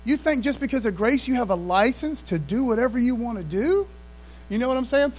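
A man with a notably high speaking voice delivers a sermon. He talks to the congregation in a relaxed, conversational way. He leans hard into emphatic points and keeps asking for call-and-response replies. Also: a little fast, rough recording. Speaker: pastor.

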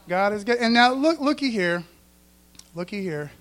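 A man's voice: high-pitched, lively intonation, normal speed, a bit bright. A male preacher, preaching a folksy sermon in church and often asking the congregation if they follow.

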